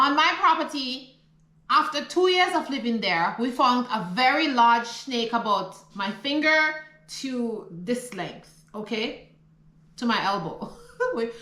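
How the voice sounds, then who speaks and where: A middle-aged Caribbean woman vlogs casually from a rural countryside home, chatting animatedly in Caribbean English and laughing often. Her voice is a little high, bright and forceful, recorded with poor audio in an echoey room.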